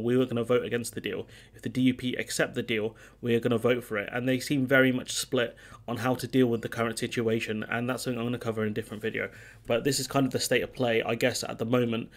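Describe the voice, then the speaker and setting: Flat-voiced man giving political commentary. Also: medium pitch. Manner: conversational, reads out quotes with frequent ums and sarcastic asides. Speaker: political commentary channel host. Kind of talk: casual solo political commentary.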